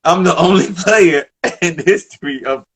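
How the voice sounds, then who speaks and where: A man in his thirties from the Bronx with a New York accent, telling stories in a casual interview, animated, emphatic and profane. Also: sits high, measured pace, breathy edge. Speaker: former basketball player, guest.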